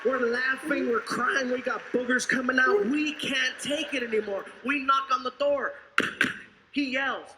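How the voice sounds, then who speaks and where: A male stand-up comedian telling an animated story and acting out each character. His voice sits very high. The set was recorded live on stage, with loud crowd noise behind. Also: unhurried.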